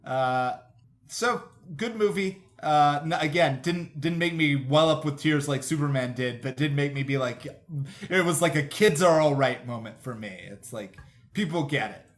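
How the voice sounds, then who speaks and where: A man co-hosting a podcast in casual chat, talking in a relaxed, rambling way. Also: on the high side, normal speed. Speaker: podcast co-host.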